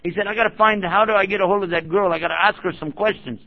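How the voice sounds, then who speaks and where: Animated male preacher, gravelly lo-fi. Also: sits high, fast. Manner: animated storyteller acting out quotes. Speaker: Islamic preacher. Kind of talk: sermon-style storytelling. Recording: dull lo-fi recording.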